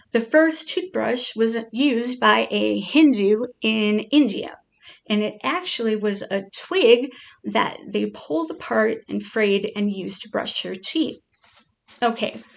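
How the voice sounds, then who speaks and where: Creaky-voiced woman chatting to her pet turtle, kinda high, jokey and rambling. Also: measured pace, soft background music. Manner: chatty and playful, reading out odd facts. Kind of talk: casual chat to a pet.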